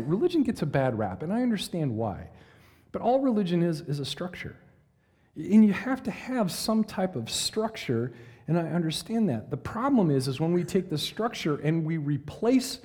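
Male Bible teacher, mellow voice on the higher side, lively delivery, big reverberant hall. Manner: animated, asks listeners questions, reads verses dramatically. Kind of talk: conversational Bible lesson.

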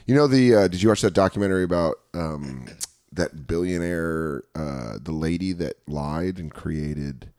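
A man's voice: low-pitched, normal speed, a little mellow, no room sound, clean studio sound. A man co-hosting a podcast, telling stories in profane, laughing, casual banter. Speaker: podcast host and comedian.

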